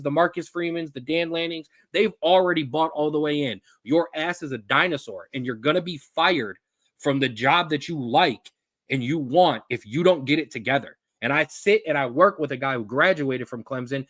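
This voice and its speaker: A man co-hosting a sports show, slightly high-pitched and ranting with fired-up energy. His voice is close and dry, with almost no room sound. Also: normal speed, fairly bright tone, no echo. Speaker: co-host. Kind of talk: casual sports chat.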